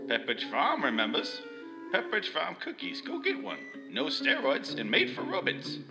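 A man putting on a nostalgic old man in a spoof cookie commercial, reminiscing slowly and wistfully. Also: fairly high pitch, wildly swooping pitch, voice pushed up. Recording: loud music bed under voice.

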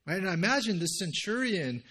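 A man preaching a sermon in an earnest, conversational way, dropping into hushed, intimate passages. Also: sits high, sing-song, a little fast, husky. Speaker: pastor.

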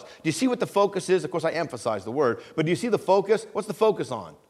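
A middle-aged man preaching a conversational sermon in a church, often checking in with the congregation and slowing down to stress scripture. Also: a little high, big pitch swings, a little mellow. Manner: conversational preaching with frequent call-and-response checks; slows down to stress scripture phrases. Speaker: pastor. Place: church sanctuary.

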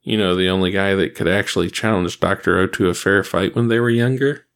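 An excitable, geeky teenage boy hero bursts into every line of this read-aloud story, as a man puts him on. His voice sits well up from a low, creaky base and keeps an eager, breathless push. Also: fairly quick. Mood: excited.

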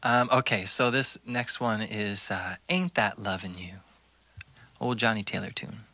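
A man's voice: fairly low pitch, measured pace, pushed and bright, no echo. A man, a guest musician, chatting casually between songs in a basement, loose and thoughtful, laughing often.

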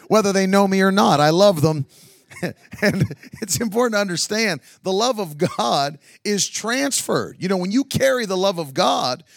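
A middle-aged man preaches with a high, gravelly voice, chatty and quick to laugh as he tells his stories. He builds to emphatic points for his congregation. The recording is close and dry, with little room sound. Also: no echo. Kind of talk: sermon with humorous stories.

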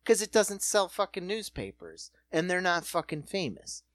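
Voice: medium pitch, sing-song, moderate pace, dry recording. A podcast co-host ranting in casual, profane, exasperated chat.

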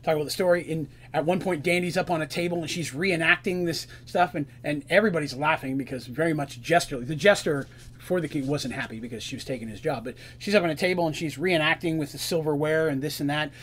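A man's voice: on the high side, fast, a bit bright. A man narrating a tabletop game as game master, in a loose, conversational retelling.

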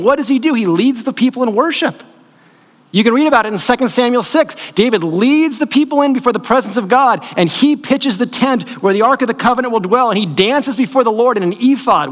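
A man's voice: very high voice, fairly bright tone. A man preaching a sermon as pastor, talking conversationally, checking in with listeners and acting out stories. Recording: long reverb of a large hall.

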